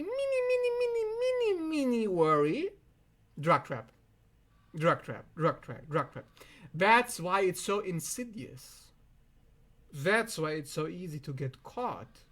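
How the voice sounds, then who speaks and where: A high-voiced man who is not a native English speaker, talking straight to his viewers in a blunt self-help monologue. His pitch swings widely as he presses each point. He swears freely and leans hard on emphasis. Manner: emphatic, profane, animated. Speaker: self-help video host. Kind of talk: direct-to-camera monologue.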